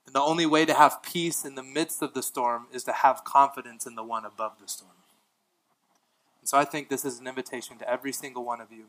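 A male pastor preaching a sermon, swinging from emphatic lines to hushed ones, with casual asides and light laughs. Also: medium pitch, low-quality recording.

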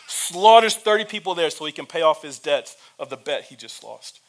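Man with a slightly high voice, preaching with humor and talking straight to the congregation. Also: normal speed, hardly any pauses. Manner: lively storytelling with humor; addresses the church directly. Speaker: pastor. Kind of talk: sermon.

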